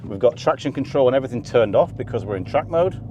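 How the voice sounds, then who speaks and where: A man presenting a car video, giving excited, chatty commentary from inside a car on a race circuit and often laughing. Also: medium pitch, fast. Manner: enthusiastic, chatty, breaks into laughter. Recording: loud engine and road noise. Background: car engine and track noise.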